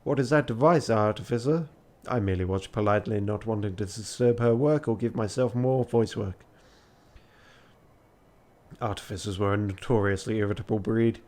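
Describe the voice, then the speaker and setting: A man's voice: fairly low pitch, steady tone, normal speed, dark tone. A tired man reading a text adventure aloud late at night on a charity stream, with joking asides.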